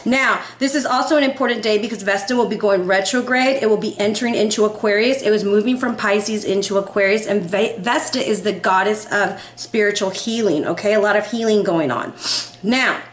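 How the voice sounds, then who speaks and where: A woman's voice: mid-range voice, fairly quick, reverberant, slight background noise. A woman in her forties giving a casual, upbeat tarot reading, chatty and often checking in with "okay?". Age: 40s. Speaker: tarot reader.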